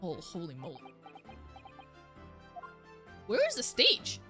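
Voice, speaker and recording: A woman's voice: lowish voice, wildly swooping pitch, slow, bright, forceful tone. A young woman streamer giving casual, scatterbrained commentary while playing a game and reading lines aloud. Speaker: let's play streamer. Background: game music.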